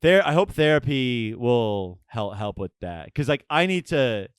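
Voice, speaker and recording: A young man talking casually on a podcast, halting and restarting often as he tells a story. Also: medium pitch, very animated, clear, resonant tone, no room sound, studio quality. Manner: halting, full of restarts and filler. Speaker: guest.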